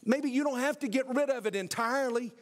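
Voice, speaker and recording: A man voicing a small male red lizard that mocks and pleads, coaxing in a raised voice. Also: brisk. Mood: pleading. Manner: pleading and coaxing, rising pitch.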